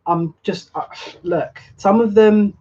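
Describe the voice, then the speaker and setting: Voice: medium pitch, slow pace, warm tone. A tarot reader gives a collective tarot reading, overwhelmed and emotional, often breathless and restarting sentences. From United Kingdom. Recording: slightly muffled lo-fi audio.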